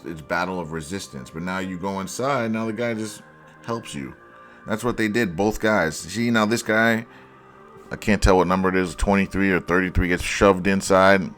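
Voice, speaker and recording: A man with a low, deep voice walks through football game film in a casual breakdown, blunt and sarcastic as he pokes fun at the blown plays. Soft music plays faintly behind him. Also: moderate pace.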